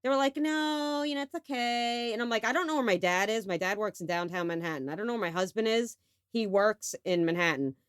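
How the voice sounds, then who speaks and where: A woman's voice: medium pitch, brisk, clean tone, dry recording, studio quality. A woman in her forties from New York, co-hosting a casual podcast chat, telling stories animatedly, acting out quotes and swearing freely. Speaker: podcast co-host.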